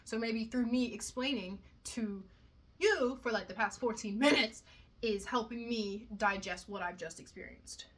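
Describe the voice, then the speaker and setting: Swearing often and poking fun at herself, a young woman rambles casually through her vlog. She speaks at a measured pace in a fairly high voice.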